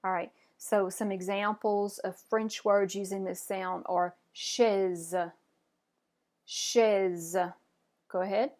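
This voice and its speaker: A woman teaching a French pronunciation lesson. She talks patiently and encouragingly, saying each word slowly and then asking the listener to repeat it. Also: medium pitch, flat delivery, a little mellow.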